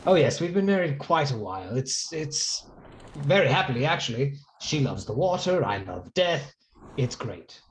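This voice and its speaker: A man's voice: mid-range voice, very animated, moderate pace, a little hiss or hum, natural voice. A man speaking as a sly male cleric adventurer, wry and evasive, in a tabletop game. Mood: deadpan. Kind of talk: tabletop role-play in character.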